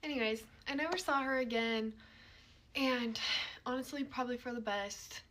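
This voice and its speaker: Young woman, slightly high voice, chatty storyteller with whispered asides and faint background hiss. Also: moderate pace, fairly bright tone. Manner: chatty, filler-heavy, drops to whispered asides. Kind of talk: casual storytime.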